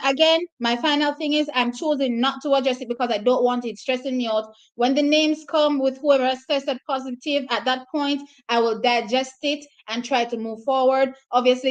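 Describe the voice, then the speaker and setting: A woman with a Jamaican accent hosting a casual livestream, chatting and reacting to viewers' comments with lots of restarts. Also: sits high. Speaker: livestream host.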